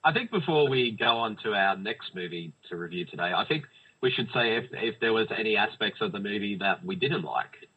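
A man co-hosting a casual movie review podcast, chatty and quick to laugh. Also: lowish voice, animated, pushed and bright, breathy edge, muffled recording. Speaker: podcast co-host.

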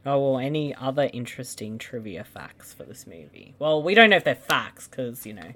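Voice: mid-range voice, big pitch swings, moderate pace, bright, forceful tone. A co-host in a casual movie commentary chat, teasing the other host and laughing often. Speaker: podcast co-host.

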